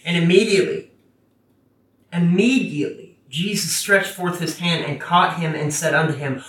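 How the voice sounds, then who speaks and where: A preacher giving a casual, conversational sermon that gets animated when quoting scripture. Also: medium pitch, moderate pace. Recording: roomy, from a distance.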